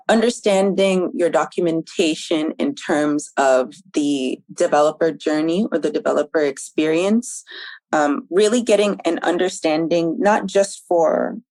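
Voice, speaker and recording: A woman guest on a podcast interview, answering in a thoughtful, measured way with frequent ums. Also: lowish voice, a little mellow, no room sound, rough recording. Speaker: podcast guest, documentation manager.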